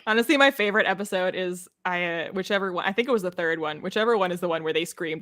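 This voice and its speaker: A woman's voice: lowish voice, fast talker. A woman hosting a casual chat, laughing often and acting out quoted lines. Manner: giggly, animated, mimics characters in quoted lines. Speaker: podcast host.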